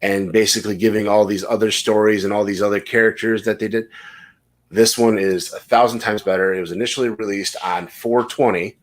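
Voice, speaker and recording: A man's voice: fairly low pitch, steady tone, a little fast. A man hosting a casual podcast, telling rambling stories and swearing freely. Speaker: podcast host.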